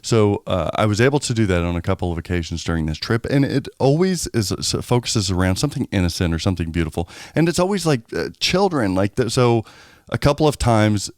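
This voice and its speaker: A man's voice: lowish voice, expressive, fairly quick, darkish tone, dry recording, studio quality. A man co-hosting a podcast in casual chat, candid, rambling and joking. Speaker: podcast co-host.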